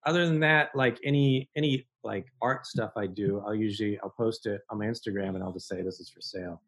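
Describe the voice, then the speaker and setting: Husky enthusiastic middle-aged man. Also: lowish voice, a little fast, a bit bright, rough recording. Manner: enthusiastic, laughs often. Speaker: guest artist. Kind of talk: casual podcast chat.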